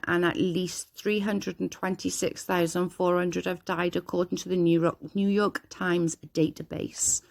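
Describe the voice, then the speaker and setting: A woman's voice: fairly low pitch, vocal fry. A woman reading statistics aloud off the cuff, stumbling over names and breaking in with small reactions. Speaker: video host reading out statistics. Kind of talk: casual reading aloud with comments.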